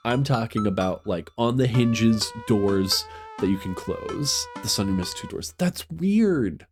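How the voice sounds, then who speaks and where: A man streaming a dating game, reading its lines aloud and joking about it. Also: on the low side. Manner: joking, reads dialogue in playful voices.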